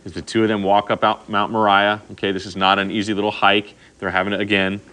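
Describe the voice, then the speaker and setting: A middle-aged pastor delivers a sermon in a bright, forceful voice that sits a little low. He talks casually, tells a personal story, and keeps asking his listeners "okay?". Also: fast talker. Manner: conversational, animated storytelling with frequent "okay?" asides.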